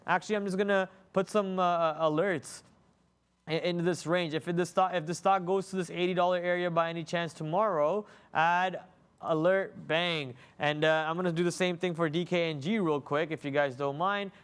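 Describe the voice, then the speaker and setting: Livestream host, male, high clear tone, excitable and thinking aloud as he watches the market. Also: normal speed. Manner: excitable, thinking aloud, many fillers and restarts. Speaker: day trading livestream host. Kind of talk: live market commentary.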